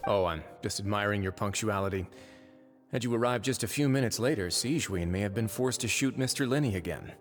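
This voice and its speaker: An actor voicing a suave, wry male warden in a game, drawling and calm. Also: lowish voice, brisk, in a large hall, soft background music, natural voice.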